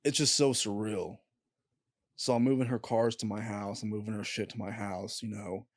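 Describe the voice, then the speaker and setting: A young man, a podcast guest, telling a painful personal story in a candid, halting way and swearing freely. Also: lowish voice, fairly even intonation, no echo, clean studio sound. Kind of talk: casual storytelling.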